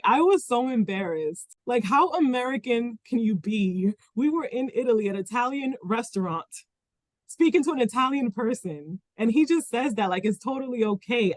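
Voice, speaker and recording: A woman's voice: on the high side, animated, normal speed, dry recording. A woman from the Dominican Republic co-hosting a casual podcast chat, rambling with many restarts and "like" fillers. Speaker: podcast co-host.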